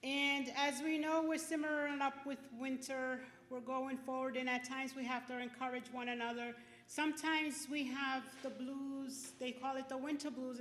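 A woman hosting a library poetry reading, speaking in an encouraging, conversational way. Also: high-pitched. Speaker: event host. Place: library event room. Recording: echoey hall, reverberant.

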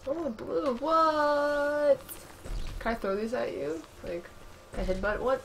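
A woman's voice: mid-range voice, animated, a little slow, vocal fry, slight background noise. Sarcastic woman commentating a game. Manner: sarcastic, talks to the game, laughs and yelps often. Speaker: gameplay commentator. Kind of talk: casual let's-play commentary.

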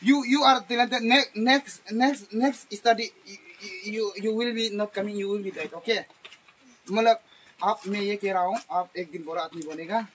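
High-voiced man teaching in broken English. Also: a bit bright, a little hiss or hum. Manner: broken English mixed with Hindi, halting, repeats words. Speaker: comic playing a teacher. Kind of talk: improvised comedy skit.

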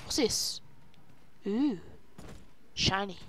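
A woman giving playful, excitable commentary over her own gameplay, breaking into silly chatter and squealing outbursts. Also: medium pitch, very slow, slight background noise. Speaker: gaming video creator.

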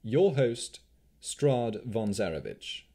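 A man's voice: medium pitch, sing-song, takes it slowly, dark tone, exaggerated voice. A man voicing a commanding aristocratic male vampire count in a formal, ominous way.

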